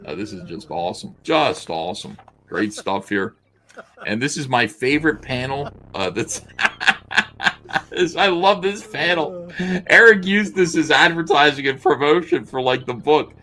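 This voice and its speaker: A man's voice: on the high side, expressive, unhurried, pushed and bright. A man co-hosting a podcast, talking casually and mockingly as he pages through a comic and sketches at his desk, laughing often and swearing. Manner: drawing at the desk while talking. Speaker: podcast co-host. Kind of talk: casual commentary while paging through a comic.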